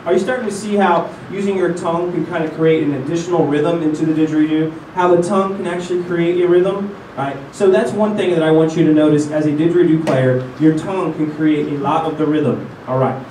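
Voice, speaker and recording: A man's voice: a little high, fairly even intonation, brisk, dark tone, slight background noise. Man teaching in a roomy, distant sound. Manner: coaching, has the class repeat after him. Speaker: didgeridoo teacher. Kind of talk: instructional lesson.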